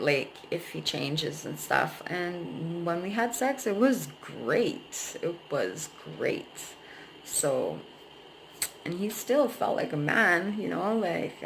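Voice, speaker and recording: A woman's voice: fairly low pitch, creaky, fairly bright tone, a little hiss or hum, low-quality recording. A young adult woman vlogger venting candidly about a relationship, frank and emotional, swearing freely.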